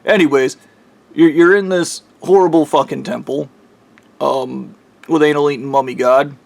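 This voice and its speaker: A man's voice: on the high side, fairly even intonation, normal speed, vocal fry, no room sound. A man casually recounting a dream in a rambling monologue, swearing heavily and sounding frustrated.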